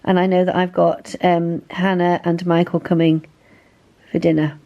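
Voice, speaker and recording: A woman with a slightly low voice chats through her sewing projects and plans. She rambles a little and pokes fun at herself, like a friendly home vlogger recording on her phone. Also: flat delivery, normal speed, warm tone, lo-fi sound. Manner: chatty, rambling, self-deprecating. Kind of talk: casual vlog chat.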